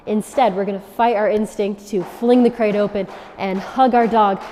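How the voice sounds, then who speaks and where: A woman dog trainer giving instructions to dog owners, often checking in with a quick "okay?". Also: medium pitch, steady tone, warm tone, a little hiss or hum. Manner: coaching, checks in with frequent "okay?". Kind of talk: instructional demonstration. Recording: long reverb.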